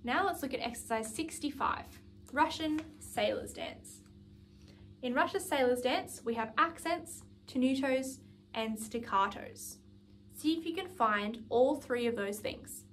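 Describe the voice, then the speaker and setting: A woman with a high, light voice leads a saxophone lesson. She speaks patiently, breaking each exercise into small steps and counting the rhythm aloud. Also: lively intonation, measured pace, a little hiss or hum. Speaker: music teacher.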